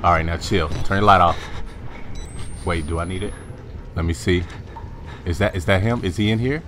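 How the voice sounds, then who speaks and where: A young man playing a horror game, swearing, talking to the character he controls and yelling high when scared. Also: moderate pace, slight background noise. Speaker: gamer. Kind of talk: horror game let's play commentary.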